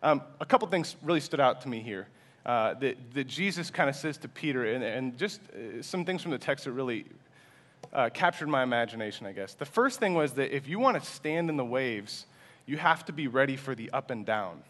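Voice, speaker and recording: A male pastor giving a sermon in a conversational style, sometimes dropping to a soft, quiet voice. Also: medium pitch, expressive, a little fast. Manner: conversational preaching, acts out quoted voices, sometimes drops to a hush.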